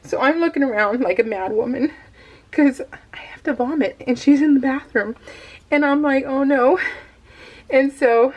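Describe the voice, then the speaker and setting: Chatty woman with a slightly high voice, coughing. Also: normal speed, pauses often, rough recording. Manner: chatty, laughs often while telling the story. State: coughing, recovering from tonsil removal. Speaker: scrapbooking vlogger. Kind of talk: casual storytelling voice-over.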